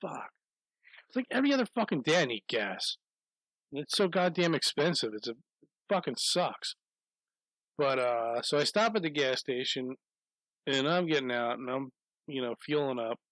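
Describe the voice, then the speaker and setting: Man, casual storyteller, profane, rambling, dry close sound, mid pitch. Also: animated, moderate pace, long pauses, fairly bright tone, no room sound, low-quality recording. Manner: profane, rambling, laughs through anecdotes.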